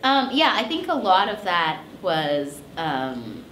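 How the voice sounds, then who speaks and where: Woman, voice actress guest, low-ish, chatty, fillers galore, roomy echo. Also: big pitch swings, takes it slowly, fairly bright tone, a little hiss or hum. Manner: chatty, many "like" fillers, laughing asides. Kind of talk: casual interview storytelling. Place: convention interview room. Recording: echoey room.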